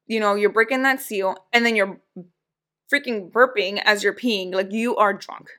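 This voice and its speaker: A woman's voice: medium pitch, moderate pace. Young woman co-host, casual talker, acts out quotes. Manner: animated, acts out quoted voices. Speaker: podcast co-host. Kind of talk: casual storytelling chat.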